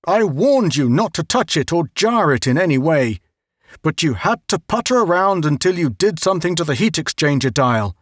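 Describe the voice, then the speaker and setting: A man's voice: fairly high pitch, big pitch swings, normal speed, no room sound. A stern, middle-aged scientist father scolds with biting sarcasm, as a male reader plays him. The voice stays close to the reader's own, slightly above the usual for a man. The recording is dry and close. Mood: scolding.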